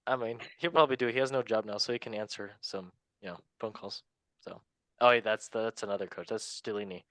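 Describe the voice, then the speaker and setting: A man's voice: fairly low pitch, fast talker, a bit bright, no echo. A man hosting a football talk show in a playful, joking way. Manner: playful, joking, laughs often. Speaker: host. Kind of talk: casual chat. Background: faint background music.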